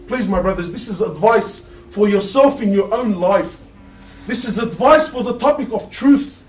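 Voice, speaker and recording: A preacher delivers an impassioned Friday sermon, firing rhetorical questions at his listeners. His voice sits high and moves at a moderate pace, captured from a distance on a low-quality recording.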